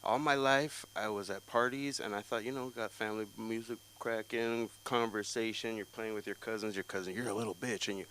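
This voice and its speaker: Loud profane young man telling stories on stage. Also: lowish voice, steady tone, brisk, hardly any pauses, a little hiss or hum, low-quality recording. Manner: profane, rambling storytelling with loud outbursts. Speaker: stand-up comic. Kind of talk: stand-up set at an open mic.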